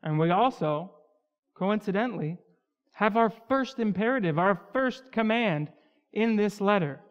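Male pastor, high voice, teaching sermon, long church reverb. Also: animated, clear, resonant tone. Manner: expository preaching, slows down for emphasis on key words. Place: church sanctuary. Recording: dull, lo-fi church recording with long hall reverb.

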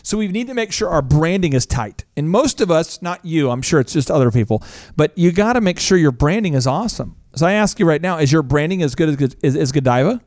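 A man hosting a business podcast, talking in an animated, jokey way with quick asides and playful impressions. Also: fairly high pitch, dry recording, clean studio sound. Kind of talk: energetic casual business talk.

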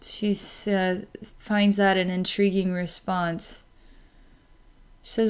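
A woman's voice: medium pitch, little pitch movement, slow, pauses often, smooth. A woman narrating a psychic healing session, rambling with fillers and restarts and breaking into light laughs. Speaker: psychic reader.

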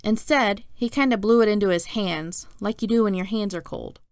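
Woman reading a novel aloud, gravelly. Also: medium pitch, normal speed, no room sound, clean studio sound. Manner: steady, plain narration. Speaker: storyteller.

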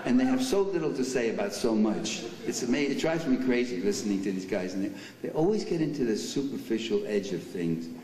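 At a banquet, an older man makes a sarcastic political speech laced with mocking jabs, talking briskly with few pauses. His mid-range voice is warm and lively in intonation. It was recorded from far away in an echoey hall.

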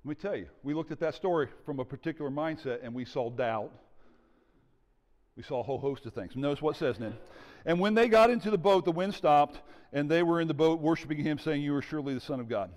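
A man preaching a sermon as pastor, animated and calling out to the congregation for responses. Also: on the high side, quick pace. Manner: animated preaching with audience call-outs. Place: church sanctuary. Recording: church hall with long reverb.

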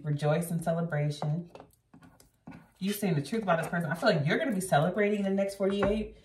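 A woman's voice: low voice, far from the mic, background noise. A woman giving a casual tarot reading, talking blunt and chatty to her viewers and swearing freely. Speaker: tarot reader. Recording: roomy echo, voice off-mic.

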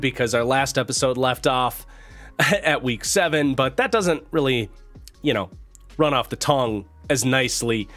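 A man's voice: medium pitch, a bit bright. Nasal man giving casual football commentary. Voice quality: nasal from a cold. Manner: chatty, thinking aloud with fillers and restarts. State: recovering from a cold. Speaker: football analyst and channel host.

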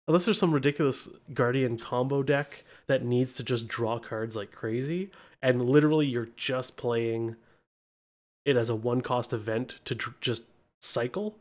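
A man's voice: mid-range voice, steady tone, unhurried. Laughing, teasing podcast host, a man. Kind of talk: casual podcast chat.

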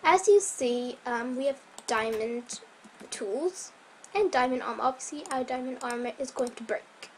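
A woman with a slightly high voice commenting on her gameplay at an unhurried pace. She rambles, restarts her sentences and sometimes sinks into a soft whisper, her voice a little strained. Faint keyboard clicks sit in the background. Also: a little hiss or hum, rough recording. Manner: rambling, self-correcting, chatty. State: voice a bit strained. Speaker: Minecraft let's player.

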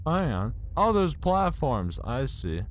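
An excitable young man talks through a video game as he plays, with a voice that swoops up and down. He speaks slowly and unhurriedly, and mocks himself cheerfully into a desk microphone. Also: mid-range voice. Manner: excitable, self-mocking reactions while playing. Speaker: gaming YouTuber. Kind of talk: casual let's-play commentary. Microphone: new desk microphone.

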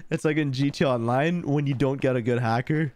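A man's voice: mid-range voice, fairly quick, a little mellow. A man streaming a game, chatting casually with viewers in rambling, slangy, cursing talk.

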